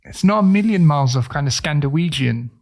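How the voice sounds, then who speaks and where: A man's voice: on the high side, expressive, a little fast, a little mellow. A man co-hosting a podcast in casual chat, thinking aloud with many fillers as he guesses. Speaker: podcast co-host.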